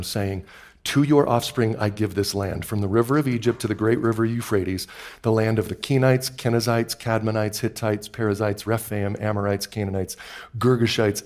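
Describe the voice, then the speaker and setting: A male pastor with a lowish voice preaches a sermon, swinging from hushed, slow lines to loud, excited bursts. He repeats words for emphasis.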